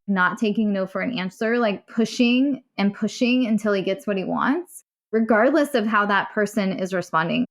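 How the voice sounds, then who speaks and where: A woman telling her own story as a guest: earnest, emotional, and swearing now and then. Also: mid-range voice. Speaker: guest recounting a personal story. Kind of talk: candid storytelling.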